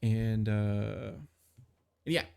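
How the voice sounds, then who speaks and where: A man's voice: fairly low pitch, little pitch movement, drawn-out words, gravelly, a little mellow, smooth. A man narrating as game master of a tabletop game on a live stream, rambling with many fillers and restarts.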